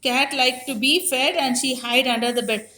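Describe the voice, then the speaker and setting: A woman's voice: sits high, fairly even intonation, moderate pace, bright, forceful tone. A preschool teacher, teaching small children in a sing-song, coaxing way and repeating her questions. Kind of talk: classroom teaching to young children. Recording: echoey classroom, faint noise.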